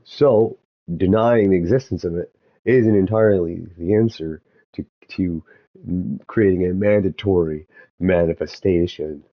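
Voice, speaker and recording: A man musing aloud in a meandering spiritual monologue, halting often and restarting his thoughts. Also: sits low, lo-fi sound.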